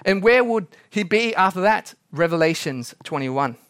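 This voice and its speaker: A man preaching a sermon as pastor, dramatic, acting out quotes and slowing down for emphasis. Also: sits high, lively intonation, a bit bright, no echo, clean studio sound.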